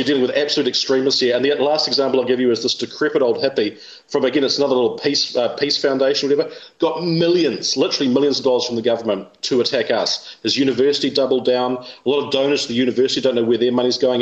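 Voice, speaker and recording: Speaking fast and full of energy, a man appears as an interview guest and shares his opinions freely. He mimics others by putting on high-pitched voices, and the audio is lo-fi, dull, and roomy.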